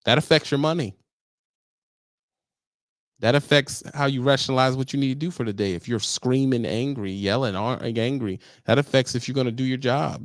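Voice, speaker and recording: A blunt man talks straight to his viewers with a gravelly rasp to his voice. He swears casually and pushes his pitch high and loud when he hammers a point home. The sound is dry and close, with no room around it. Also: dry recording. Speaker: trucking livestream host. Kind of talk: casual advice talk to viewers.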